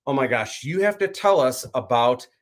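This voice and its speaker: A man hosting a livestream, chatting casually and animatedly, telling stories and acting out quick bits. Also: mid-range voice. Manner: animated storyteller, acts out little voices. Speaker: livestream host. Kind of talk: casual chat.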